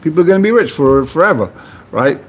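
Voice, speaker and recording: Animated man teaching Talmud. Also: a little high, quick pace, a little hiss or hum. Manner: reads Aramaic phrases then translates casually, animated. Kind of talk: explaining Talmud text to a study partner.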